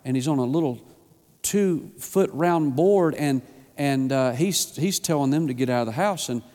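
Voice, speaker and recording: Fervent preacher in a reverberant hall. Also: male voice, moderate pace. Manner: fervent preaching, acts out voices, rises to high excited pitch. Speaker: pastor. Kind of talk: sermon. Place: church sanctuary.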